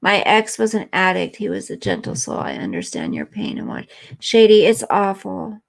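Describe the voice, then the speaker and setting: A woman's voice: mid-range voice, huge pitch swings, moderate pace, vocal fry. A woman hosting a live stream, chatting earnestly and emotionally with viewers and reading their comments.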